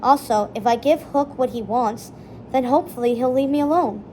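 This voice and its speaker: A woman's voice: high voice, normal speed, dark tone, a little hiss or hum, lightly acted, poor audio. A woman reading as an anxious, determined boy.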